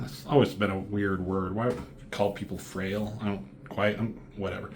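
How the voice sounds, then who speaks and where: A man's voice: on the low side, level tone, normal speed, darkish tone. A man giving a casual, rambling comic book review, full of ums and likes, swearing freely.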